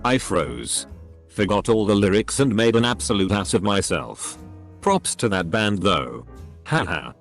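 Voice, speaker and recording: Synthetic low male reader, lively pitch. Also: unhurried, vocal fry, faint music behind. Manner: reads punctuation aloud, flat delivery of quotes. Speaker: narrator reading online posts. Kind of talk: text-to-speech reading.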